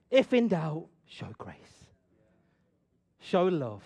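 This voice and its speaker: A middle-aged man tells a story to a room and draws a gentle lesson from it. His voice sits a little high and leaps about, jumping from loud bursts down to near-whispered asides. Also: moderate pace. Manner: animated, swings from loud bursts to hushed asides. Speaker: speaker addressing an audience. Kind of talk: storytelling talk with a moral.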